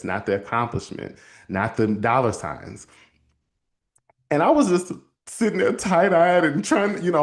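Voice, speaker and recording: Man, motivational host, storytelling, animated, voices the people he quotes, casual y'all talk. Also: medium pitch. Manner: addresses listeners as y'all. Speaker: host and counselor.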